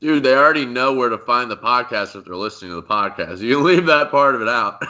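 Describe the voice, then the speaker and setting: A man's voice: mid-range voice, lively intonation, fast, bright, forceful tone, lo-fi sound. A man co-hosting a podcast in casual chat, laid-back and saying "dude" a lot. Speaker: podcast co-host.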